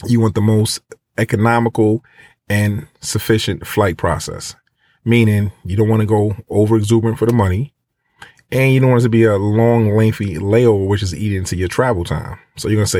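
Guy rambling on with travel tips, kinda low voice, dry close sound, lots of "you know". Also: steady tone, brisk, a little mellow, no echo. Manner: chatty, rambling, many fillers and acted-out quotes. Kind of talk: casual monologue giving advice.

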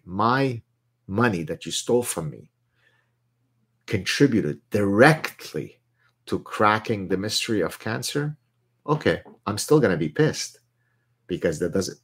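A middle-aged man hosting a live question session, talking in an animated, digressive way with frequent restarts. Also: fairly low pitch, husky. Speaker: host answering viewer questions. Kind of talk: live question-and-answer stream.

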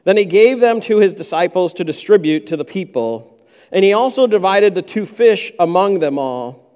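A man's voice: high voice, lively intonation, normal speed, darkish tone, big-room sound. A man preaching a sermon, who acts out the disciples' complaints in a raised voice. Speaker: pastor.

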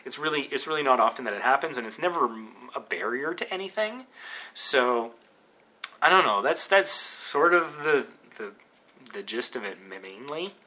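A man's voice: medium pitch, very animated, moderate pace, sharp tone. A Canadian man with a Canadian accent hosting a podcast, talking in a rambling, casual way with lots of fillers and restarts. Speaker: podcast host.

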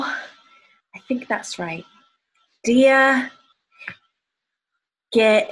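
Slow, breathy woman improvising. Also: fairly high pitch, a bit bright, low-quality recording. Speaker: improv performer. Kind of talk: improvised comedic letter reading.

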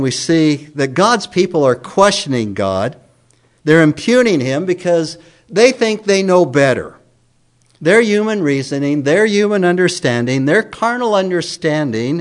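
A man preaching an expository sermon, reading scripture aloud slowly and repeating key words for emphasis. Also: on the high side. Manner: reads scripture aloud with slow stresses. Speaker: pastor.

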